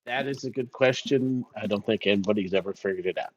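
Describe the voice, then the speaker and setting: A man playing a tabletop game, talking casually, with quick, amused replies. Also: fairly low pitch, slight background noise. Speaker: player. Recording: dull lo-fi sound.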